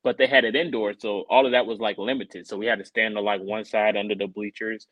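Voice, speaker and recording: A man co-hosting a podcast, telling a story in a casual, animated way and acting out other people's lines in a higher voice. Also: quick pace, no room sound, highs cut off. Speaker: podcast co-host.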